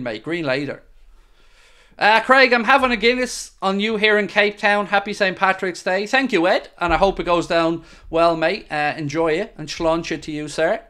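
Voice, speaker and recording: A man's voice: sits high, pushed and bright. A man hosting a live football watchalong, chatty and upbeat as he reads out viewer messages. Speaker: fan channel host.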